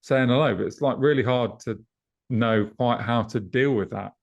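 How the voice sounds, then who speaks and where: A man co-hosting a podcast over a video call, talking in a relaxed, reflective way and reading out listener questions. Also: medium pitch, normal speed. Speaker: podcast co-host and festival promoter.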